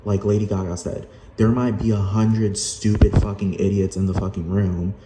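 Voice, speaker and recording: A man's voice: on the low side, level tone, moderate pace, dark tone. Angry man ranting in an echoey room. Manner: heated, repetitive, profane, keeps asking "do you understand?". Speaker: vlogger. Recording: echoey room with noise behind.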